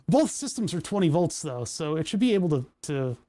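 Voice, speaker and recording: Sing-song and a little fast, his mellow voice sits on the high side as he chats casually over a workshop project he's streaming indoors. He's hiccuping and rambling, self-amused, and the lapel microphone catches it with no echo.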